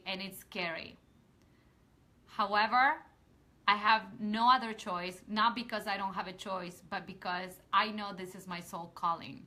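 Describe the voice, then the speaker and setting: A woman's voice: medium pitch, sharp tone. A woman hosting a casual live video, speaking earnestly and heartfelt to her viewers, often restarting her sentences and building to rousing motivational appeals. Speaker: women's empowerment coach hosting a live video.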